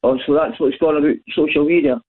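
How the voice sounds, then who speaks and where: A man's voice: on the high side, steady tone, fast. A man with a Scottish accent calling in to a radio phone-in, emotional and stumbling over his words. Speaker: caller. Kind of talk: phone-in chat. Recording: tinny phone line.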